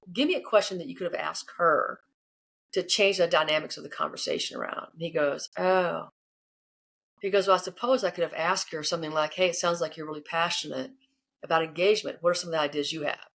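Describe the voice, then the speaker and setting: Woman coach, quick delivery, lively storyteller who voices the people she quotes. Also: lowish voice, creaky. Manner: animated, acts out quoted people. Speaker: guest, leadership coach. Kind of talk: casual interview answers, storytelling.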